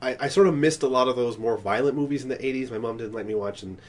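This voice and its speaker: Animated male podcast storyteller. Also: medium pitch, fast talker. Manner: animated storyteller acting out scenes; rambling with restarts. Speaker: podcast co-host. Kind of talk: casual chat.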